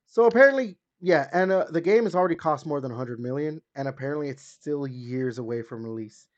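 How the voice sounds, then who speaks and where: A man's voice: animated, fairly quick. A man hosting a gaming podcast in casual chat, chatty and hedging with lots of fillers. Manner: chatty, hedging with fillers, rises and drops in pitch. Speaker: podcast host. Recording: slightly dull lo-fi sound.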